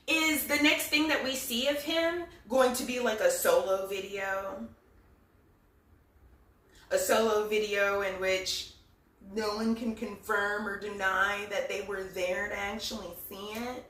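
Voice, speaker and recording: A woman's voice: medium pitch, normal speed, bright, forceful tone, distant mic. A woman giving casual, profane commentary, sarcastic and repeating lines for emphasis. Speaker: political commentary vlogger. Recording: echoey room, voice somewhat off mic.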